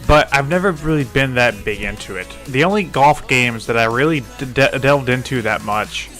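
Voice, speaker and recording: A man's voice: medium pitch, moderate pace, fairly bright tone, faint music behind. A man doing a game review voice-over, swearing a lot and stumbling over his words as he complains. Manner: profane and exasperated, stammers and restarts.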